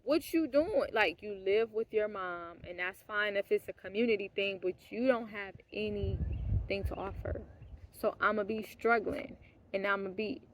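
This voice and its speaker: Woman, vlogger, casual storytelling, blunt, profane, hushed asides and heated outbursts, middle pitch, faint background hiss. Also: fairly even intonation, normal speed. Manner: laughs mid-sentence.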